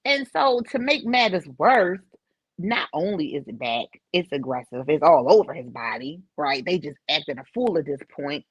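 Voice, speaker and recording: A woman's voice: low voice, moderate pace, husky, dry recording. Woman telling an emotional story. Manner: emotional, animated storytelling with laughs. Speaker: podcast guest. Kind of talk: personal storytelling. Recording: slightly dull dry recording.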